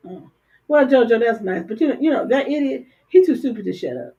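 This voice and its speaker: An older woman co-hosting a casual talk show, blunt and animated, often stammering and repeating words. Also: sits high, a little fast. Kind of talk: casual political chat. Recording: dull lo-fi stream audio.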